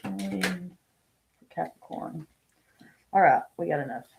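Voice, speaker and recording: Lady doing tarot on a live stream, low gravelly voice, chats w viewers, lots of hiss in the background. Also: normal speed. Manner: chatty, talks to viewers by name, thinks aloud while laying out cards. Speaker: tarot reader. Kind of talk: casual live-stream chat.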